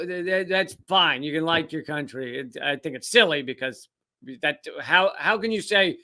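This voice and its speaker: Dude ranting about politics, swears a lot, mocking voices, kinda high pitched. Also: male voice, pushed and bright. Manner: profane, sarcastic, mocking mimicry. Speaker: host.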